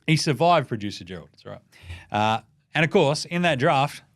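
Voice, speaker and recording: A young man with an Australian accent hosting a casual basketball recap, sweary and excitable, rambling between scores and jokes. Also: medium pitch, moderate pace, dry recording, clean studio sound. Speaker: NBA recap podcast host.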